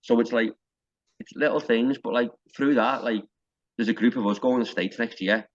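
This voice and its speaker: The recording is muffled, and the man's mid-range voice moves at a normal speed. He's a wrestling coach from North West England, rambling through casual podcast stories full of restarts and quoted dialogue.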